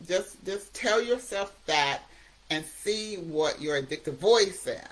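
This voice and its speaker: A woman's voice: on the low side, expressive, slow pace, rough recording. Emphatic woman giving a recovery talk. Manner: emphatic, repetitive, conversational. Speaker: recovery coach host.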